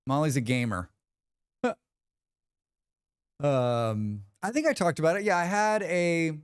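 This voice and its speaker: Lively, smooth-voiced man chatting on stream. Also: a little high, no echo, clean studio sound. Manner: animated storyteller who acts out quotes and swears freely. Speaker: livestream host. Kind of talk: casual livestream chat with viewers.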